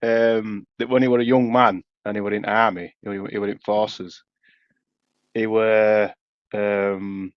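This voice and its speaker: This podcast co-host from Yorkshire, England, wanders through a lengthy story in relaxed conversation, often restarting, cursing, and laughing. He speaks on the low side with a flat delivery, a little slowly, and the dry recording sounds dull.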